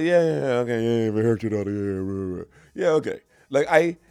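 A young man doing a stand-up comedy routine, animated and slangy, on a stage microphone. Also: medium pitch, creaky, no room sound, studio quality. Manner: animated, repetitive, slangy storytelling.

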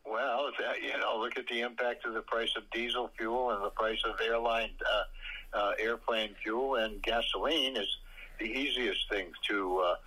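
A man's voice: lowish voice, steady tone, normal speed, bright, forceful tone, slightly rough, low-quality recording. A man in a casual political chat on the radio, speaking hesitantly with frequent fillers, then pressing his points emphatically.

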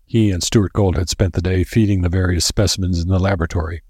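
A man reading a story aloud in a steady, measured narration. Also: sits low, husky, no echo. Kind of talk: scripted narration. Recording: dry close recording.

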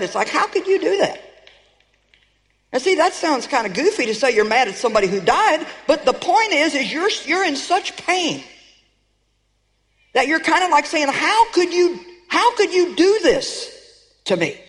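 A woman's voice: sits high, fairly bright tone. A woman preaching a sermon in an emphatic style, rallying the congregation with call-outs. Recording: echoey hall with long reverb.

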